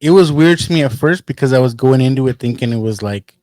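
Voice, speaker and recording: A man's voice: mid-range voice, animated, quick pace, darkish tone, dry recording. A man co-hosting a podcast in casual chat, teasing and wisecracking. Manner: wisecracking, teasing, slips into joke accents. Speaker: podcast co-host.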